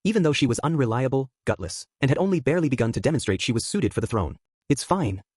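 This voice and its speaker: A man reading a light novel audiobook aloud at a quick clip. His delivery is even, his voice slightly breathy, and the recording dry and close. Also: mid-range voice, no room sound. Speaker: audiobook narrator. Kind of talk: scripted narration.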